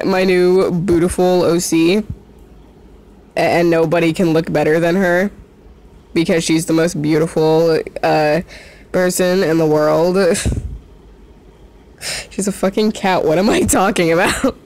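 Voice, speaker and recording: This drawing vlogger is a teenager whose mid-range, slightly mellow voice stays steady, moving at a measured pace with frequent pauses. The commentary while drawing is casual and giggly, full of self-mockery and swearing, and it rambles, often trailing off before starting again.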